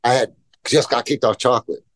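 Speaking fairly quickly at medium pitch, a pro skateboarder appears as a guest on a casual podcast. His skateboarding stories ramble, get profane, and include acted-out quotes, with no echo in the recording.

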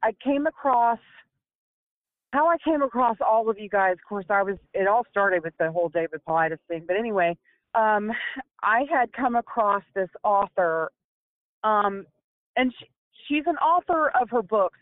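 A woman's voice: medium pitch, animated, normal speed, no echo. A woman in a mid-range voice calls in as a guest and responds thoughtfully. Her voice comes through a tinny phone line with a dry sound. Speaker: guest caller. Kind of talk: casual chat.

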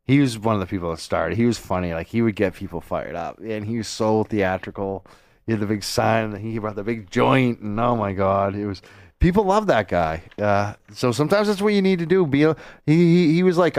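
A man hosting a radio talk show, chatting loosely and excitably with a slight lisp. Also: fairly low pitch, fairly quick, no room sound. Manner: loose, excitable and self-deprecating. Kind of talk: casual radio chat. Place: radio studio. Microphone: studio microphone.

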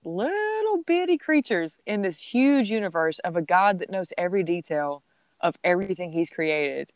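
A woman hosts a podcast and talks reflectively in a casual faith conversation. Her voice is fairly low, smooth and resonant, and it is recorded close and dry. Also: sing-song, normal speed, dry recording. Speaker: podcast host.

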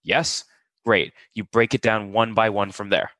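A man's voice: lowish voice, fairly even intonation, unhurried, a bit bright, no echo, poor audio. Man on a sales podcast, blunt and punchy, dead dry mic. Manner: emphatic, blunt, acts out quotes. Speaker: co-host. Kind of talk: sales advice podcast chat.

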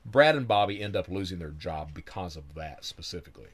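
Brief: man, low voice, animated storyteller, wry, swears, swinging pitch. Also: fairly quick. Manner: animated, wry, laughs while telling, swears freely. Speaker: guest telling his own story. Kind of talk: casual spoken storytelling.

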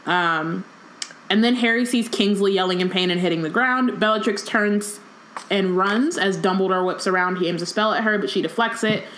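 A woman's voice: medium pitch, a bit bright, a little hiss or hum. A woman co-hosting a casual book podcast, recapping the plot and reading passages aloud. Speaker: podcast co-host. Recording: echoey room.

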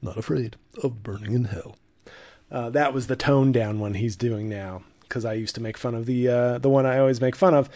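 A man hosts his own comedy podcast alone from a home studio, talking at a middle pitch. He rambles in a dry, sardonic way, swears freely and mocks himself between asides. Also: fairly even intonation, brisk, few pauses, a little mellow. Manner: sardonic, profane, self-mocking rambling. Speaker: podcast host. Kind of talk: solo comedic podcast monologue.

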